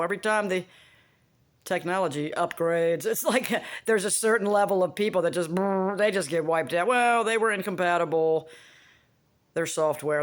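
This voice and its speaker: A woman talking in a casual, rambling monologue, blunt and profane, often making buzzing sound effects. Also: on the low side. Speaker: vlogger.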